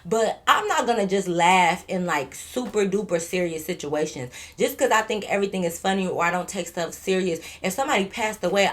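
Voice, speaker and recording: A young woman tells a storytime in casual, slangy talk. She talks animatedly and acts out what others said. Her voice sits in a middle pitch. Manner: animated, slangy, acts out quotes and drops to a whisper. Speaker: vlogger telling a story.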